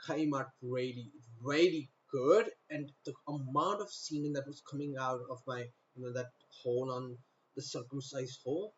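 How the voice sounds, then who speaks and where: A man from North India talks to the camera in a rambling, stop-start monologue, circling back over the same phrases. His voice sits a little higher than most men's. The recording is dull and lo-fi. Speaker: vlogger.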